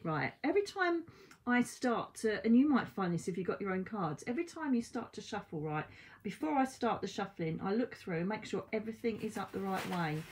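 A woman's voice: mid-range voice, lively intonation, normal speed. Brief: woman, psychic card reader, chatty and blunt, casual at-home delivery, salty asides. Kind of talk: casual oracle card reading. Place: at home by window blinds.

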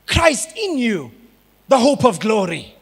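A man from South Africa, a pastor preaching a sermon, building up to shouted emphasis. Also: very high voice, huge pitch swings, slow, creaky, breathy edge. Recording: long hall reverb.

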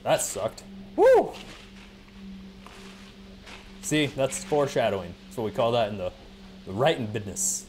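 A man's voice: fairly low pitch, expressive, a little fast, slight background noise. A man playing a horror game and commentating it, jumpy and exclaiming, joking to his viewers. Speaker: let's play gamer. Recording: game music behind.

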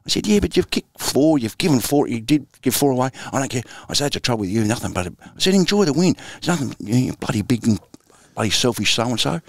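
A man's voice: mid-range voice, animated, fast talker, gravelly, few pauses, no room sound. An Australian man in his sixties, a former footballer and coach, telling anecdotes in a laid-back, chuckling interview style. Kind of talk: storytelling interview.

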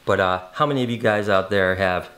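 A middle-aged man talking casually to camera as a vlogger host, chatty and excitable, calling his viewers guys. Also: deep voice, a little fast. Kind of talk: casual vlog talk to camera.

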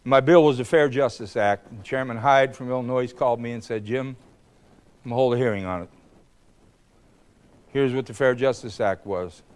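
An older man giving a public speech, telling a story in a blunt, combative way, swinging between loud bursts and low remarks. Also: moderate pace, pauses often, clean tone. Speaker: speaker. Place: hall.

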